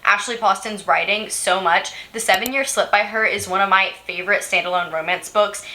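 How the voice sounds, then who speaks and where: A young woman chatting casually in a book vlog, giggly and full of fillers, giving quick updates between reads. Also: medium pitch, sharp tone, a little hiss or hum. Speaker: book vlogger. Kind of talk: casual reading vlog chat. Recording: roomy echo.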